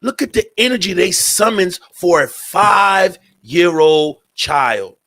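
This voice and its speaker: A man's voice: sits high, lively intonation, slow pace, gravelly, fairly bright tone. A man hosting a talk radio show, speaking in a heated, profane commentary and repeating his points.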